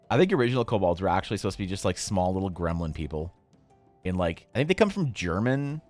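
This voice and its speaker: A man streaming while he draws, chatting casually with his viewers in a jokey, mock-outraged way, with sudden loud bursts. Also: low voice, very animated, brisk, pauses often, soft background music. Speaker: artist streaming while drawing. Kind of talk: casual livestream chat to viewers.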